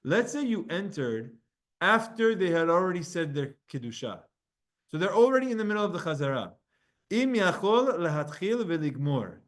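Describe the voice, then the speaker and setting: A man with a fairly high voice teaches a religious text class. He reads passages aloud in Hebrew and Aramaic and then explains them in plain, casual English. He often turns to speak straight to his students. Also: big pitch swings. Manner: explains texts, reading Hebrew and Aramaic aloud and translating with quick asides; speaks directly to students by name. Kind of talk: Talmud class lesson.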